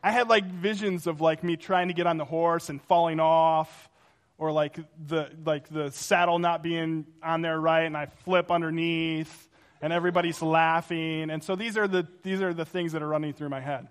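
A male pastor preaching a sermon, telling stories in an animated, conversational way. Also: on the high side, normal speed, clean tone.

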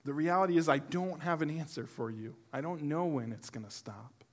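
A middle-aged pastor with a somewhat high voice, preaching to his congregation. He tells his stories with animated humor, then eases into a quieter, earnest tone. It is a live church sermon. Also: fairly quick. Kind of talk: sermon with personal storytelling. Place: church service before a congregation.

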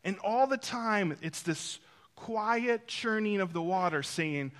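Bright-voiced, animated preacher man. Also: high-pitched, takes it slowly. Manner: storytelling, swings between loud emphasis and hushed intimacy; speaks to the congregation directly, with asides. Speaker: pastor. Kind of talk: sermon.

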